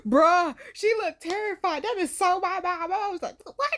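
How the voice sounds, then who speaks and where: A woman hosting a reaction video, talking in an animated, slangy way and acting out quotes. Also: very high voice, moderate pace. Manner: animated, slangy, acts out quotes with squealy voices. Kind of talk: casual reaction commentary.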